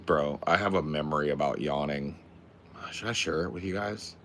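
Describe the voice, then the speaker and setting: Young streamer, very low gravelly voice, relaxed slangy chat, swears freely. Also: male voice, normal speed, a little hiss or hum. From Pacific Northwest. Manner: laid-back, slangy, swears a lot. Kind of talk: casual livestream chat.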